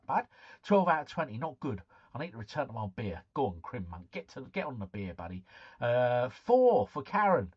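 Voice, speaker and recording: Man, quiz host on a live stream, very animated pitch, muffled lo-fi audio. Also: normal speed, slightly rough. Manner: chatty, repeats each answer, jokey. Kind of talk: reading quiz answers and chatting with viewers.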